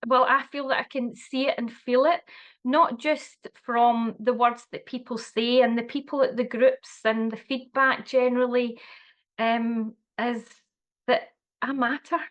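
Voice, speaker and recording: Earnest woman in her forties, fairly high voice, lots of ums and restarts, casual chat. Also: steady tone, measured pace, muffled recording. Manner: warm, earnest, with many fillers and restarts. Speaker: wellbeing guest. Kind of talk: casual conversation.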